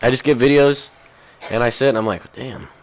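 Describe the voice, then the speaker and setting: A man's voice: mid-range voice, steady tone, a little fast, smooth. A man hosting a podcast in casual rambling chat, crude and profane, jumping from one thing to the next. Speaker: podcast host.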